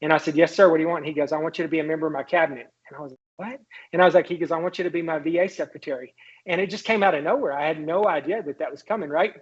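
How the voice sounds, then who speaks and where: A man, a guest on an interview show, telling a long anecdote in an animated way, quoting others and restarting sentences. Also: on the high side, rapid-fire, breathy edge, lo-fi sound. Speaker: guest, congressman and former White House doctor. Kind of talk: storytelling in an interview.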